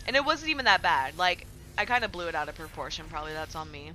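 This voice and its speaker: A young woman streaming from home, her voice sitting a little low but with a tense, forceful edge. She talks loose and profane, rambling through fillers while she plays and answers her chat. It sounds offhand and unscripted. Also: quick pace, a little hiss or hum. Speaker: game streamer. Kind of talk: casual live-stream chat while gaming.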